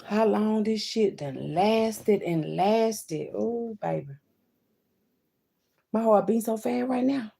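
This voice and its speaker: A woman giving a card-reading monologue, swinging between loud outbursts and hushed asides and calling her listeners "baby" and "child". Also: mid-range voice, animated, slow pace, gravelly. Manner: talks to viewers as "baby" and "child".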